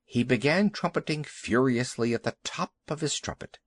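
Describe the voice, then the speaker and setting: A man narrating a children's audiobook in a lively, expressive way. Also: mid-range voice, normal speed, few pauses, no room sound. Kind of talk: storybook narration.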